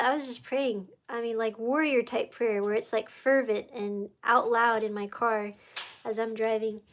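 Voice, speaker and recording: A woman hosting a livestream, telling a faith story in a rambling, emotional way and easily sidetracked. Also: on the high side. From United States. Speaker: livestream host. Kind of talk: casual faith testimony livestream.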